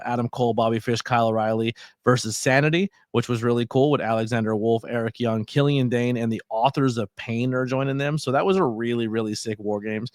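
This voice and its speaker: Relaxed male podcast co-host, rambling. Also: medium pitch, no echo, studio quality. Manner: relaxed, rambling, laughs often, many fillers. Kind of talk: casual wrestling podcast chat.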